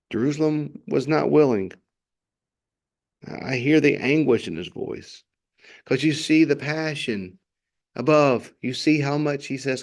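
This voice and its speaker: A man's voice: medium pitch, a little slow, vocal fry, pauses often. A male pastor gives an earnest, impassioned devotional reflection on scripture and often repeats phrases for emphasis.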